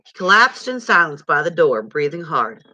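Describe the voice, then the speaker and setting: A woman reading a novel aloud at home in an expressive storytelling way. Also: low-pitched, normal speed, dry recording. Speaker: reader.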